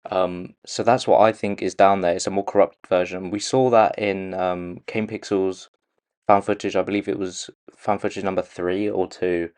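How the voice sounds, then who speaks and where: Direction: hesitant man, fairly low voice. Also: flat delivery, moderate pace, a little mellow. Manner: hesitant, many "um"s and restarts. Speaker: video creator analysing a movie trailer. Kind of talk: casual commentary.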